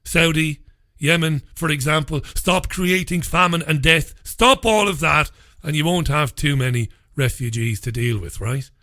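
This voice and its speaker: Scornful male talk radio host, bright voice. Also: a little high, a little slow. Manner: scornful, mocking, laughs at his own jokes. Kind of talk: opinionated news commentary.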